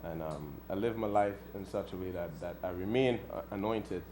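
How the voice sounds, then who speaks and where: A man with a lowish voice talks in a soft, halting way, often restarting his sentences as a guest on a chat show. Steady background noise sits under the recording. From Trinidad. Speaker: gospel recording artist, guest. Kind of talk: casual interview answers.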